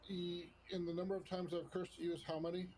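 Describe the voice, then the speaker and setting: A man's voice: sits high, flat delivery, fast, darkish tone. A man talking in character during a role-play, defensive and pressing with questions.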